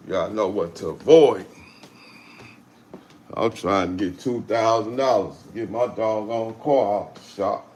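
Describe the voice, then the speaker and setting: A man's voice: fairly low pitch, measured pace, darkish tone. A man with a St. hosting a casual live chat. He talks in a streetwise way and repeats phrases. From St. Louis. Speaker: live stream host. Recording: roomy with faint background noise.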